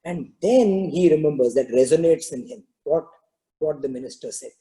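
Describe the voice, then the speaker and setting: Guy telling a story in a spiritual talk, super dark mellow voice, laid back, lots of "you know". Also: a little high, moderate pace, low-quality recording. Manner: relaxed storytelling, frequent "you know" fillers. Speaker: spiritual discourse teacher.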